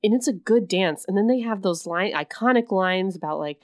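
A woman's voice: medium pitch, brisk, few pauses, no echo, clean studio sound. Gushing woman recapping a movie. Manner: gushing, laughs often, swears casually. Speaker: podcast co-host. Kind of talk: casual movie recap chat.

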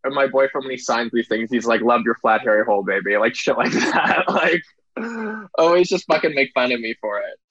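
A man's voice: mid-range voice, fairly quick, a bit bright, no echo, lo-fi sound. Crude, candid man on a video call. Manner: candid, crude, laughing storyteller. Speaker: podcast guest. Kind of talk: casual chat.

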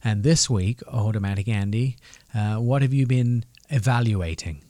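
A man's voice: fairly low pitch, moderate pace, mellow, no echo. A man hosting a car podcast, with upbeat promos and teasing banter with his co-host. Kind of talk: casual radio show hosting.

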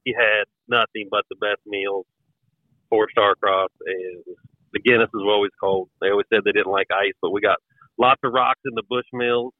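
A man's voice: fairly low pitch, fairly even intonation, moderate pace, no echo. Folksy West Virginia guy on a tinny line. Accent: Appalachian American. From West Virginia, USA. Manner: folksy, rambling storyteller. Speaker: podcast guest. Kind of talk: casual chat.

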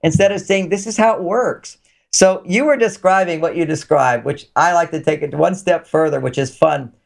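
A man's voice: fairly high pitch, normal speed, creaky. A man with a somewhat raised voice chats in an interview, spinning anecdotes to explain relationship ideas. His delivery is loose and conversational, circling back to drive each point home. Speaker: relationship author and guest. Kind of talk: casual interview talk.

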